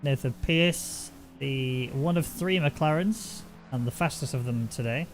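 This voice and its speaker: A man's voice: mid-range voice, measured pace, slight background noise. A man doing casual, jokey sim racing commentary and banter with a co-host. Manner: chatty, jokey, teasing. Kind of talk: live race commentary and banter.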